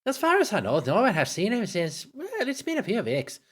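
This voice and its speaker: A man's voice: high-pitched, wildly swooping pitch, fairly quick, a bit bright, breathy edge, pitched above the performer's own voice, full character voice. A man voicing a busy, gossipy village woman while reading game dialogue aloud with a theatrical delivery. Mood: grave.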